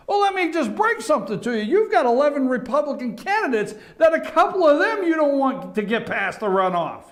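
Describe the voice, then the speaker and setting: A man hosting a morning show from an office, giving impassioned political commentary that swings from calm talk to shouting. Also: very high-pitched, a little fast, few pauses. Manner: impassioned, gets worked up and shouts, then calms down.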